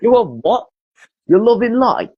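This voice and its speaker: A cocky male rock star, all cheeky teasing and quick comebacks, as a man mimics him in an anecdote. The voice sits high and needling. The recording is dry and dull. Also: sing-song, husky, no echo, exaggerated voice.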